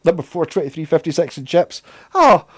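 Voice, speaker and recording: A man's voice: fairly high pitch, lively intonation, brisk. Sweary Glaswegian man chatting on a livestream. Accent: Glaswegian Scottish. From Scotland. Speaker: livestream host. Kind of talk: casual livestream chat.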